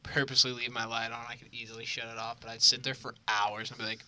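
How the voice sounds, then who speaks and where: A man's voice: medium pitch, quick pace, a little hiss or hum. Laughing, swearing young man telling stories. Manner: profane, laughing, animated storyteller. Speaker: podcast co-host. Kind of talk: casual storytelling chat.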